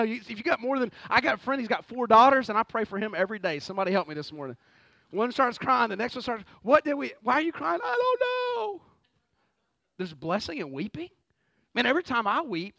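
A man preaching a lively, conversational sermon full of rhetorical questions. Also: sits high, dry recording. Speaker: pastor.

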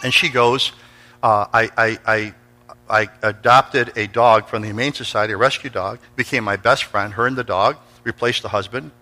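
A man's voice: fairly low pitch, fairly even intonation, moderate pace, sharp tone, slight background noise, poor audio. A middle-aged man preaching a storytelling sermon in a church, energetically calling out to the congregation for responses. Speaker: pastor. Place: church sanctuary before a congregation.

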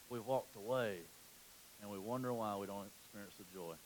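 A man preaching a sermon in a church. He swings from quiet, low stretches to loud, emphatic passages and often restarts his phrases. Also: steady tone, moderate pace, a little hiss or hum. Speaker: pastor.

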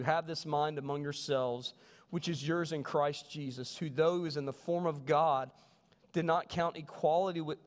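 Man, pastor, sermon, lively storytelling, higher voice, echoing church hall. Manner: animated storytelling, voices quoted people. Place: church sanctuary. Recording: long reverb of a church hall.

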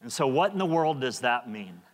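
A man's voice: medium pitch, big pitch swings, moderate pace. A man preaching a sermon in a church, earnest and emphatic, often repeating words. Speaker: pastor. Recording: long hall reverb.

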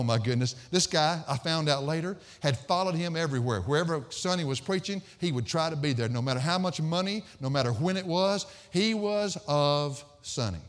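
Emphatic preacher man in a reverberant hall. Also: a little high. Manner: emphatic, storytelling, repeats phrases for stress. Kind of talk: expository sermon.

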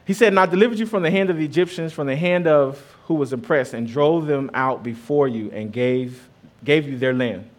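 Here a pastor in his thirties speaks fairly quickly in a slightly high voice. His sermon has a casual, conversational feel, mixing scripture with personal stories about his kids, with volume that rises and falls.

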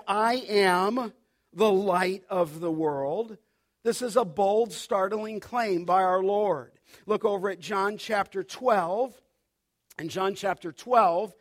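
High-voiced man preaching a sermon. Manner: emphatic, repeats key phrases, slows for quoted scripture. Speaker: pastor.

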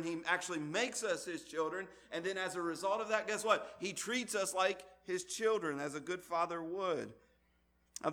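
A man's voice: on the high side, fairly bright tone. A man preaching a sermon to a congregation, emphatic, with frequent restarts and rising exclamations. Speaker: pastor.

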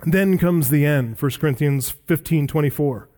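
A male preacher delivering a sermon, emphatic, rising for stress and dropping low for weight. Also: moderate pace. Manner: emphatic, swinging between loud rises and low drops.

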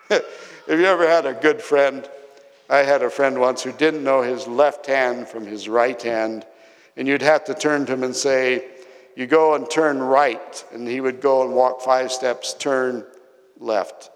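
Preacher in a reverberant hall. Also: male voice, medium pitch, fairly even intonation. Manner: storytelling, emphatic pauses, quiet drops. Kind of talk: sermon.

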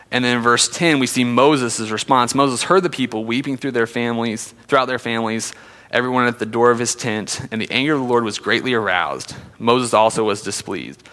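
Bright-voiced man teaching scripture. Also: mid-range voice, brisk, big-room sound. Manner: conversational, with frequent fillers. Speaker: Bible teacher. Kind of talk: sermon with scripture reading.

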